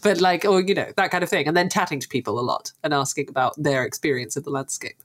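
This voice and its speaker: A woman's voice: sits low, fairly even intonation, fast. A woman co-hosting a podcast, asking curious questions and thinking aloud in casual chat.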